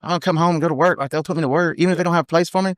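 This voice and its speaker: A man, a podcast guest telling blunt, rapid stories in casual chat. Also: on the high side, fairly even intonation, no room sound, studio quality. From United States. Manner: blunt, fast storytelling with many "you know what I mean"s. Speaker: podcast guest, team roper.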